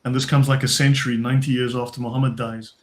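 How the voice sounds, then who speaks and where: Male live-stream host, even and flat, moderates the panel and keeps it on track. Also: mid-range voice, fast talker. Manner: steers the discussion, reads out donations.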